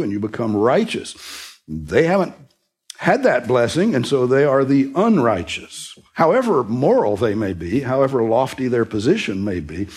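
A man preaching a sermon, teaching earnestly and rising sharply in pitch to stress key words. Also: a little mellow, slightly rough. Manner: earnest, emphatic teaching with sudden rises in pitch for emphasis. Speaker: pastor.

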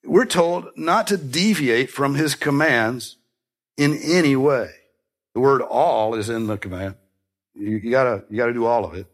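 A man's voice: medium pitch, measured pace. A man preaching a sermon, earnest and emphatic, repeating key phrases and dropping into conversational asides. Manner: conversational asides and self-corrections. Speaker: pastor.

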